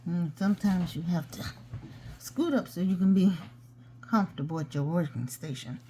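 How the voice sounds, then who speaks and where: A woman with a low, mellow voice walks through a craft project step by step in a relaxed, chatty way. She often talks to herself as she works, with a faint hum in the background. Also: normal speed. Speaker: jewelry-making tutorial host. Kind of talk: casual step-by-step craft tutorial.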